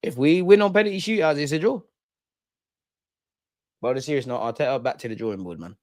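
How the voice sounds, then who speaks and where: A young man reacts live to a penalty shootout, jeering and mocking the takers in a loose, excitable rant. His voice sits at an ordinary middle pitch. The sound is dry and close. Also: fast talker, no room sound. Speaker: football fan channel host. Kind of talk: live watch-along commentary.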